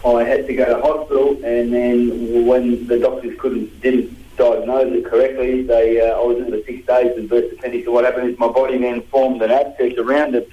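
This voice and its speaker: A man's voice: mid-range voice, level tone, moderate pace, hardly any pauses, dark tone, reverberant, dull audio. A man in his thirties with an Australian accent, talking bluntly and combatively as a guest on a radio show. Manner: blunt, combative, slang-heavy. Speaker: guest boxer. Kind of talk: radio phone-in interview.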